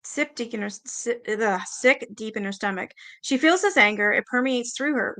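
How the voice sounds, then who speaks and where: A woman's voice: a little high, normal speed, hardly any pauses, pushed and bright. A woman reading a book aloud in a casual way, stumbling over words and stopping to react and swear.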